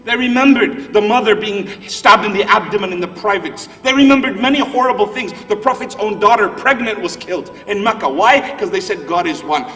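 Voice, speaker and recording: A preacher with a high, slightly bright voice delivers an emotional, impassioned sermon, his delivery rising and falling. He's far from the mic, heard distantly in a reverberant hall with music.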